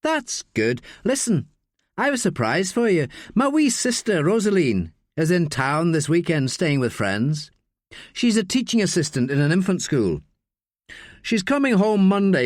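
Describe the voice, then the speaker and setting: A man's voice: high-pitched, sing-song, moderate pace, no echo, studio quality, voice pushed up. A man doing a cheerful Irish brother. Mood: eager. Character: friendly young Irish man, older brother.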